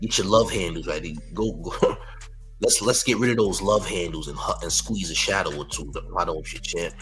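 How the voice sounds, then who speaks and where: A man's voice: low voice, moderate pace, a bit bright, soft background music, poor audio. A man hosting a live-stream news show, mocking a critic in loose slangy commentary and leaning on "champ" and "you heard".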